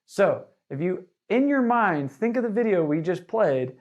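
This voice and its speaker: Male sales trainer, slightly high voice, energetic, chatty with fillers. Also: measured pace, highs cut off.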